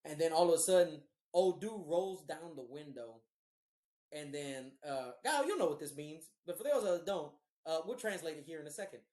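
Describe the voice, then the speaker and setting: A somewhat high-pitched man rambles through a story on a podcast, swearing freely and animated as he goes. The sound carries a roomy echo. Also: normal speed. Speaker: podcast host. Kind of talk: casual storytelling.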